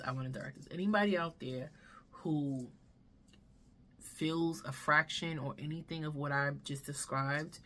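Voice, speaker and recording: Brief: woman vlogger, low voice, slow and earnest, candid with casual swearing, seated at home. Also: a bit bright, slight background noise. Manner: emotional, drops to a whisper at times. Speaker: beauty vlogger. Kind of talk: candid life-update chat to camera. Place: home room, seated in front of camera.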